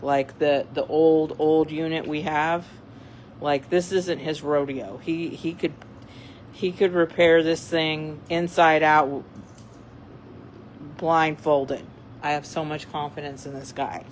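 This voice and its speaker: An unhurried, middle-pitched voice chatting casually to camera and wandering through the story with plenty of "uh"s and restarts. The speaker is half-distracted, playing with cats using a laser pointer while talking. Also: fairly even intonation, slight background noise, poor audio. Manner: rambling, with many fillers and restarts. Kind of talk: casual chat.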